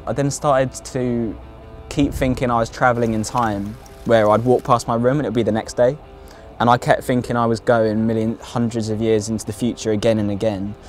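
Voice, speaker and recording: A man's voice: mid-range voice, level tone, fairly quick, a little mellow, soft background music. A young man tells his own story casually in a documentary, with lots of fillers and swearing. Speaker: interviewee recounting his own psychosis. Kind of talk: candid documentary testimony.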